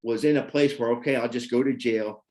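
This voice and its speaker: A man's voice: medium pitch, fairly even intonation, a little fast, a little mellow. A middle-aged man giving a candid personal testimony about his past, rambling and repeating fillers as he talks. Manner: rambling, repeats fillers like "you know what I mean". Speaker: person sharing his recovery story.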